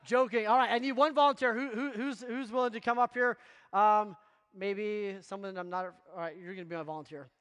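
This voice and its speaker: A man giving a motivational keynote to real estate agents, energetic and constantly checking in with the audience. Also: high-pitched, brisk, smooth, big-room sound. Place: conference stage before a live audience.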